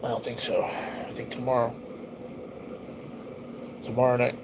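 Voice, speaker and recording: A man's voice: mid-range voice, monotone, measured pace, noisy background. A man hosting a casual livestream, chatting in an easygoing, rambling way and reading viewer comments aloud, his nose stuffy and his voice tiring. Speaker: livestream host.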